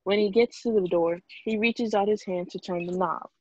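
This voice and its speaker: A woman reading screenplay stage directions in a plain, even way over a video call. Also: mid-range voice, normal speed, no echo, lo-fi sound.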